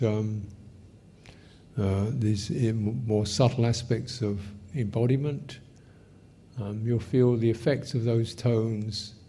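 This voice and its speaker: An older man from England gives an unhurried meditation talk, musing aloud with gentle humor. His voice is mellow and relaxed, at a middling pitch. A faint low rumble sits under the recording. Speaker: meditation teacher answering questions.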